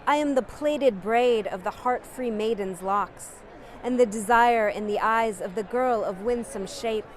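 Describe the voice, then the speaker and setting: A woman's voice: on the high side, measured pace, slight background noise. A woman giving a dramatic, impassioned poetry recitation. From United States. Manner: declamatory and impassioned.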